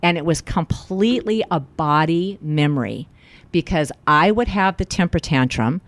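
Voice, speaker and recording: A woman's voice: sits low, moderate pace, no room sound. A middle-aged woman, a life coach, telling a personal story in an interview and acting out the lines of the people in it. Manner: animated storyteller, acts out quoted lines.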